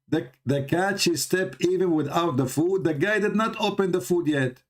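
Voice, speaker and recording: A man's voice: high-pitched, normal speed, few pauses. Sarcastic Arabic-accented man on a live stream. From Middle East. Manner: mocking, rhetorical questions, broken English grammar. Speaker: host of a religious debate live stream. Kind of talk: sarcastic live commentary on a video.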